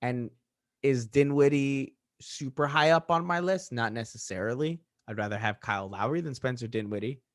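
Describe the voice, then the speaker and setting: A man's voice: medium pitch, normal speed, dry recording, clean studio sound. A young man from Orlando co-hosting a sports podcast, arguing his points with playful ribbing. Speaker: podcast co-host. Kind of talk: casual sports debate.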